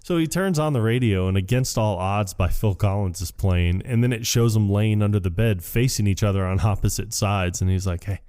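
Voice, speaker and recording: A man talks through a film scene by scene, jumping into the characters' lines as he goes. His voice sits a little low and sounds mellow and warm. The talk is loose and chatty, full of laughs. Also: a little fast, few pauses, clear, resonant tone. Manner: retells scenes animatedly, acting out quotes with laughs. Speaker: podcast co-host. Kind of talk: casual movie recap chat.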